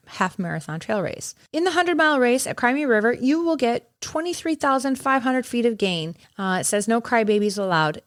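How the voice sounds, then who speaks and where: A woman hosting a running podcast on her own, hoarse after losing her voice, talking in a chatty, enthusiastic way with casual swearing. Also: mid-range voice, dry recording, studio quality. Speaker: podcast host and race director. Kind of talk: casual solo podcast talk.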